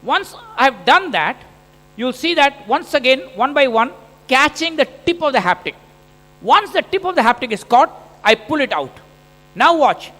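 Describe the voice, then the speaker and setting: A man with an unusually high, bright voice lectures from a conference stage, animated and joking as he narrates a surgery in the first person. His voice carries a long hall reverb through the stage microphone. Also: moderate pace. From India. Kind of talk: conference lecture over surgical video.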